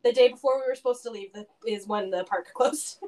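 A woman in her thirties chatting casually on her podcast, laughing through quick asides. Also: fairly high pitch, darkish tone, slight background noise. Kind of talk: casual chat.

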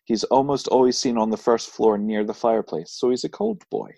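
A man with a low voice, recorded dry and close, co-hosts a casual podcast. He reads out ghost stories in a relaxed way, breaking into laughs and casual swearing. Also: brisk, gravelly, slightly rough, no echo. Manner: laughs often and swears freely while reading out stories. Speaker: podcast co-host.

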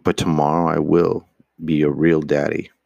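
A man's voice: rumbling low, level tone, moderate pace, vocal fry, a little mellow, no room sound, muffled recording. A man giving a dramatic reading of a father's remorseful letter, earnest in tone and sometimes stumbling and restarting a word. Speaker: reader.

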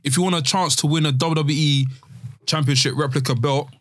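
A man's voice: on the high side, steady tone, brisk, a bit bright, no room sound. Young male co-host, easygoing slangy chatter. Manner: slangy, easygoing, lots of filler ums. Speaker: podcast co-host. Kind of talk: casual chat.

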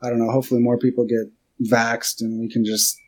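A man appearing as a guest on a podcast, telling stories in a casual, animated way, laughing and acting out his own reactions. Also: mid-range voice, a little fast, slightly rough, rough recording. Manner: animated storyteller, laughs and does lively quoted reactions. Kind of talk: casual chat.

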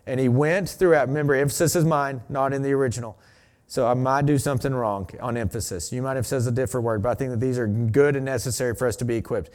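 A pastor, a man with a mid-range voice, preaches a sermon. His delivery is relaxed and chatty, rising into emphatic passages when he reads scripture.

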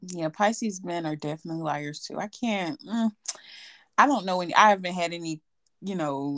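A woman's voice: on the low side, lively intonation, normal speed, fairly bright tone. A young adult woman co-hosting a casual chat, often hedging and correcting herself as she talks, with frequent laughs. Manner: hesitant, self-correcting, laughs a lot. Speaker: podcast co-host.

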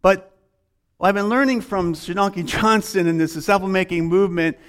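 High-voiced man preaching a sermon. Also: steady tone, brisk, fairly bright tone, smooth. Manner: storytelling preacher, acts out dialogue with swings in pitch and pace. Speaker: pastor.

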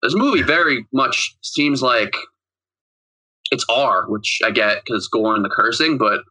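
Male podcast co-host, very bright and forceful tone, mid pitch, rambling casual movie recap. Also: a little slow, rough recording. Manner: rambling, retells scenes with quoted lines.

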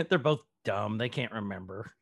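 A man's voice: fairly low pitch, animated, normal speed, fairly bright tone. A man co-hosting a podcast, casually recapping a TV episode and leading the discussion with many fillers. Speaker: podcast co-host.

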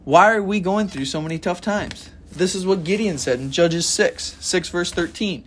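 Earnest, fairly high-voiced man teaching. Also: normal speed, fairly bright tone. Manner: earnest, emphatic, chatty with fillers. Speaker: podcast Bible teacher. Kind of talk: informal devotional teaching.

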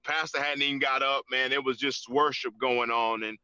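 Man, interview guest, bright voice, halting restarts, dry lo-fi sound. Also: medium pitch, fairly even intonation, clear, resonant tone, dry recording. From Georgia, US. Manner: halting, many restarts and fillers, says "man" often. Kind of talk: casual testimony in an interview.

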